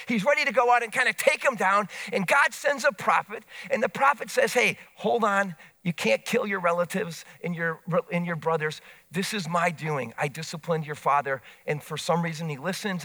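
A man preaching a sermon, retelling scripture in animated storytelling with casual asides. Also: high-pitched.

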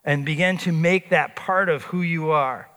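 A man preaching a sermon as pastor, emphatic and rising loud on his exhortations, then hushed and low when he prays. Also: normal speed. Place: church sanctuary. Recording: long reverb of a large hall.

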